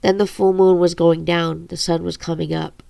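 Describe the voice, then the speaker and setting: A woman reads her own novel aloud, stumbling and correcting herself as she goes. Her voice is low and gravelly. The recording is dry and close, with no room echo. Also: flat delivery, mellow. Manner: halting, with stumbles and self-corrections.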